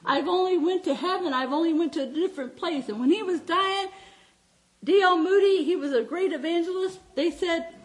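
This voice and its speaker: A middle-aged woman preaching a sermon, telling personal stories in a heartfelt, animated way and often laughing as she talks. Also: very high-pitched, moderate pace.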